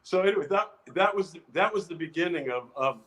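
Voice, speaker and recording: An older man, an actor guest, telling lively anecdotes in a casual interview, restarting phrases often. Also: high-pitched, a little fast, low-quality recording. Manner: animated anecdotes with many restarts.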